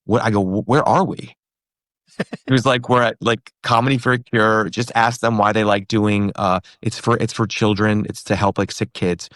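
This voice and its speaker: A comedian in his thirties telling a story in a casual interview, animated, acting out the other people in it. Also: on the low side, normal speed, hardly any pauses, no echo, studio quality. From New York and Pennsylvania. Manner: animated, acts out quoted voices. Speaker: comedian guest.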